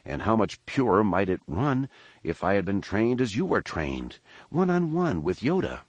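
A man's voice: on the low side, big pitch swings, moderate pace, dry recording, lo-fi sound. A man voicing a sixteen-year-old apprentice who questions his elders tentatively and at times sarcastically. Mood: earnest. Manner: tentative, challenging, a bit sarcastic.

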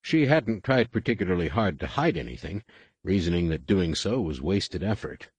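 A man narrating an audiobook in a deep, low voice with a husky grain. His reading is measured yet lively in pitch, recorded dry and close with no room sound. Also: dry recording. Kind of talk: scripted narration.

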